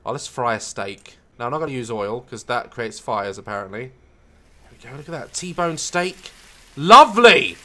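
A man commentating his own gameplay, frustrated, swearing, and breaking into high shouts. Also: normal speed. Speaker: gameplay video maker.

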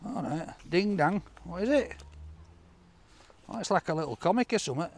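A man, chatting excitedly to camera while he opens fan mail in a park, laughing often. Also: high-pitched, normal speed, gravelly. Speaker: food reviewer opening fan mail. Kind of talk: casual vlog chat to camera. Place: outdoors in a park.

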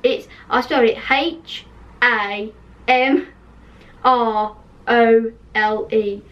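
A woman's voice: fairly high pitch, steady tone, drawn-out words, far from the mic, highs cut off. A young woman casually reading aloud from her old notebook, laughing often and mocking her own spelling. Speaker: channel host reading an old dream book.

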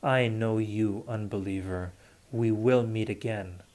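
A man's voice: fairly low pitch, steady tone, measured pace, darkish tone, close to an everyday voice. A man reading aloud, voicing a bitter young man who snarls threats. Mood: vengeful.

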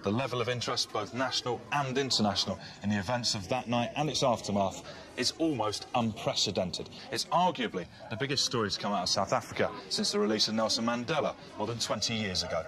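A man narrating a documentary in a measured, sober scripted delivery. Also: lowish voice. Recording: loud music bed underneath.

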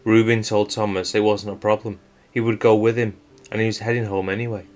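A man telling a true-crime story as scripted narration, in a measured, suspenseful storytelling manner. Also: fairly low pitch, level tone, darkish tone. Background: faint guitar music.

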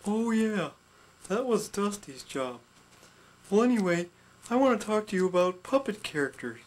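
A man voicing a gentle little heart puppet with an attitude, soft-spoken and sweet while teaching about puppet characters. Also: sits high, big pitch swings, normal speed. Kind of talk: puppet instruction skit.

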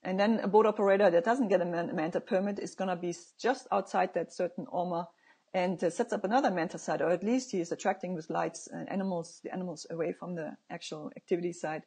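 Woman advocate chatting thru new rules, kinda husky, lots of ums, says what she thinks straight out. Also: fairly low pitch, mellow. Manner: halting, frequent filler sounds, plainspoken opinions. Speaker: marine conservation advocate. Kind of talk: informal explanatory talk to viewers.

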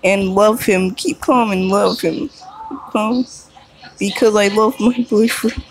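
A woman's voice: mid-range voice, steady tone, slow, low-quality recording. A young woman vlogging alone, rambling and giggly as she reads phrases aloud. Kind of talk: casual solo chat.

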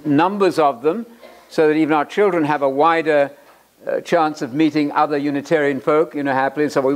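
A man giving a lecture-style sermon to an audience, joking and repeating words for emphasis as he reads quotes aloud. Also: fairly high pitch. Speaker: Bible college lecturer.

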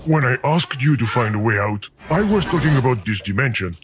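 A man's voice: medium pitch, animated, a little fast, noisy background, lightly acted. A man voicing an exasperated male game narrator who scolds the player. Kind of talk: game voice acting. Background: game music.

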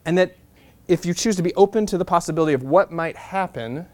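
A man in his thirties from Nebraska speaks to a university class as a guest speaker. He talks quickly in a slightly high voice, telling an animated story. He keeps returning to a refrain and acts out the people he quotes. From Nebraska, USA. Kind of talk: storytelling lecture to students.

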